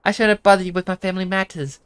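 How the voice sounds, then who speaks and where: A man with an Australian accent reading game dialogue as a soft-spoken, apologetic young village woman. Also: sits high, steady tone, fast, smooth, voice pushed up. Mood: polite.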